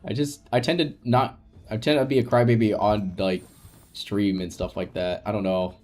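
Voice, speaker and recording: A man's voice: lowish voice, steady tone, moderate pace, darkish tone, soft background music. A man streaming a game, chatting casually with viewers in a rambling, open and emotional way, often laughing and restarting his sentences. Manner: openly emotional, reassuring chat. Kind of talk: casual live-stream chat.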